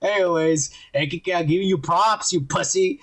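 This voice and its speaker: A man with a fairly high voice holds forth on a casual podcast. He rants hard, swears freely and hammers the same point twice for emphasis. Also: moderate pace. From United States. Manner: profane, ranting and emphatic. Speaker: podcast co-host.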